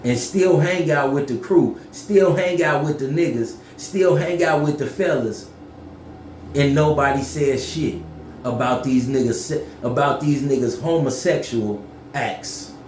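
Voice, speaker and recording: A man telling a story casually to camera, profane and animated, yelling when he acts things out. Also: a little high, measured pace, reverberant, a little hiss or hum.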